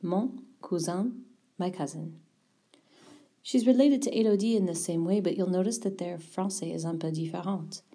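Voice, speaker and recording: A woman teaching a French vocabulary lesson, mixing English explanations with slow, carefully pronounced French words. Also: fairly low pitch, mellow.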